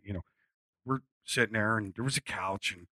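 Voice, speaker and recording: A man's voice: lowish voice, normal speed, sharp tone, dry recording. A man from Philadelphia telling a casual story, acting out quotes and swearing freely. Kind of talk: casual anecdote.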